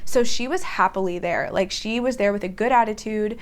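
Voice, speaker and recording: A chatty young woman in her twenties talks straight to camera in a loose, storytelling way. Her voice sits at a middle pitch for a woman and leaps up when she acts out her own past reactions, and "like" runs all through her talk. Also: a little fast, clean tone. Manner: animated, jumps up in pitch when quoting herself. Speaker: vlogger.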